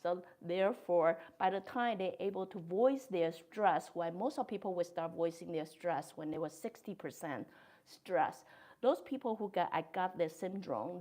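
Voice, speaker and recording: A woman hosts her own podcast in a thoughtful, gentle monologue. Her voice sits a little low for a woman, and her English carries non-native grammar. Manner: gentle, thoughtful, with soft laughs. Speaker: podcast host. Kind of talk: reflective monologue.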